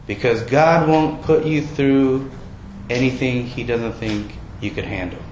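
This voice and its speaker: In a roomy recording with faint background noise, a man preaches a sermon conversationally, frequently putting questions to his listeners. His mid-range voice is slightly slow and has a darkish tone.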